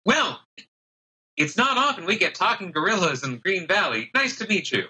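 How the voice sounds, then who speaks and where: A cheerful young cart driver with exaggerated friendliness, played by a man. His voice sits well above the performer's usual pitch and sounds bright and sharp. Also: very animated, normal speed, husky, heavily acted, poor audio. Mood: chipper.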